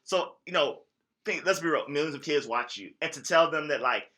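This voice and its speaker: A man co-hosting a casual gaming podcast, earnest and relaxed, leaning on "you know" and "like". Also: a little high, a little fast. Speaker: podcast co-host. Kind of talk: casual chat.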